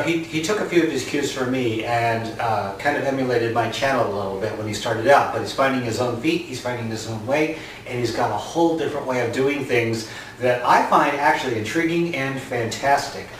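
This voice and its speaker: A man's voice: mid-range voice, fairly bright tone, slight background noise. A man chatting and joking straight to his viewers as a gardening vlogger, at home. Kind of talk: casual chat to camera. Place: indoors at home. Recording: echoey room, mic far off.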